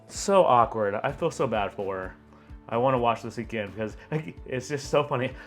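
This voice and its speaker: A man, a photographer and video host, giving chatty, animated reaction commentary and laughing along. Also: medium pitch, moderate pace, faint music behind.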